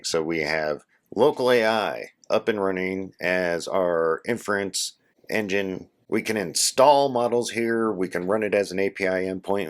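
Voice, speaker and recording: A man with a hoarse voice from a cold, casually walking viewers through a software setup as a tutorial host. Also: low-pitched. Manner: casual, instructive, addresses viewers as guys. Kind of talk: screen-share tutorial walkthrough.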